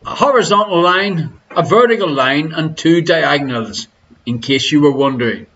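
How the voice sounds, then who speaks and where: Running a quiz live from his own living room, this Irish host reads the questions and throws in crude, teasing asides. He speaks at a moderate pace with a fairly high, fairly bright voice and lively intonation, though the audio is muffled.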